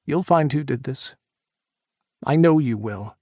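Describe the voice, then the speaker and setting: A man doing a calm, earnest leader. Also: medium pitch, takes it slowly, no echo, studio quality. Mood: reassuring.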